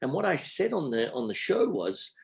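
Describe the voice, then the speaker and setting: A man's voice: medium pitch, normal speed, vocal fry. Aussie guy talking business on a podcast, punchy and keen, repeats himself. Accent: Australian. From Australia. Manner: energetic, emphatic, repeats phrases. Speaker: entrepreneur guest. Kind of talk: podcast interview.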